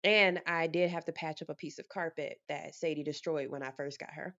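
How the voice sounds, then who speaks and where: A woman vlogger in casual storytime mode, telling her story with lively energy and acting out the conversations. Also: sits low, fairly quick, dull audio.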